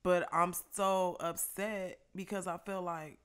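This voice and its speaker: A young woman casually telling a story while eating, animated and profane, laughing often. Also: fairly low pitch, slow pace, clear, resonant tone. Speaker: vlogger.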